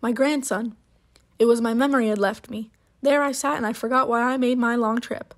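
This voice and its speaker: A woman reads the part of a proud, solemn old countrywoman from a storybook. She talks in slow, stiff dialect, her voice sitting a little high. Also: steady tone, close to an everyday voice. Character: elderly rural woman, solemn, dignified, proud.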